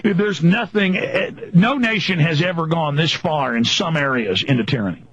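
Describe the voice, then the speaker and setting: A man's voice: fairly high pitch, lively intonation, moderate pace, fairly bright tone. A man hosting a talk radio show, ranting angrily and mockingly in long emphatic lists. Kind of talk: angry political radio rant. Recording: dull lo-fi radio broadcast.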